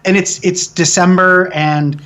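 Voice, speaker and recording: A man from the American Midwest, a film director in an interview, telling a long story in a casual, profane, animated way with frequent restarts. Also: sits high, unhurried.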